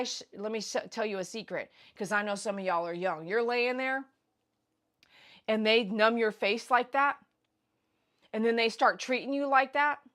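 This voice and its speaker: A woman hosting a casual livestream, telling a story in an animated, blunt, slangy way with loud bursts. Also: fairly high pitch. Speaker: pet groomer host. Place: grooming shop.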